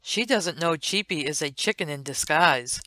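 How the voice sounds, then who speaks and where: A woman narrating an old comic strip as a read-along storybook, with a gentle, sing-song delivery and playful asides. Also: sits low, lively intonation, normal speed, no room sound, studio quality.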